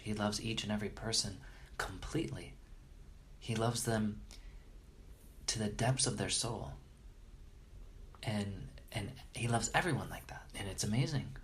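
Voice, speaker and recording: A man with a lowish voice, recorded with a little hiss or hum, tells stories in conversation as an interview guest. His manner is earnest and reverent, and he keeps restarting sentences as he goes.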